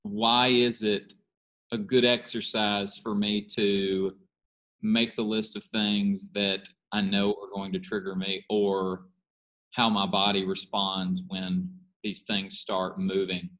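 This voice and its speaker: A man's voice: fairly low pitch, flat delivery, takes it slowly, fairly bright tone. A man moderating a panel, asking probing questions.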